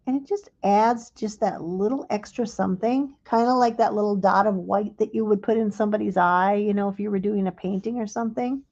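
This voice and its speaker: A woman hosting a live crafting demonstration and explaining each step gently and without hurry. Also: medium pitch, fairly even intonation, fairly quick, few pauses, dull audio. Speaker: craft instructor.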